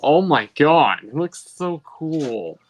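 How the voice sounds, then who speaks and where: A co-viewer chatting casually on a stream, talking very slowly and often echoing the other speakers' words back. The voice sits at an ordinary pitch. Faint noise runs in the background. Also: big pitch swings. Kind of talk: casual chat.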